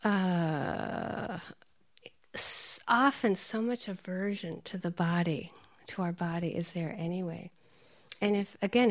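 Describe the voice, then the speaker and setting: Animated woman meditation teacher. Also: mid-range voice. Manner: animated, laughs often, drops to soft whispers. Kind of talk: dharma talk with anecdotes.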